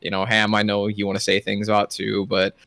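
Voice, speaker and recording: A man's voice: fairly low pitch, completely flat delivery, brisk, gravelly, fairly bright tone, no room sound, studio quality. A man hosting a casual gaming podcast, steering the talk and listing games with small hesitations. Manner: leads the talk, lists names with hesitations. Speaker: podcast host. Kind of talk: casual chat.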